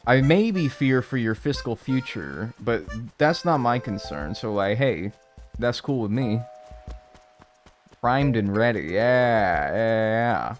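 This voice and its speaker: A man's voice: mid-range voice, expressive, slow pace, soft background music. A man in his twenties, a game streamer chatting casually with live viewers in a rambling, joking way. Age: 20s. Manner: rambling, joking, full of filler "like".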